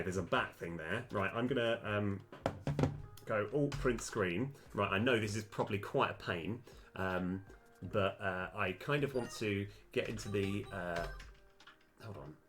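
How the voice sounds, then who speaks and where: A man live-streaming a game, thinking aloud with lots of fillers and sudden bursts of excitement. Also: lowish voice, moderate pace, music in the background. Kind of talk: live-stream commentary while playing and mapping a game.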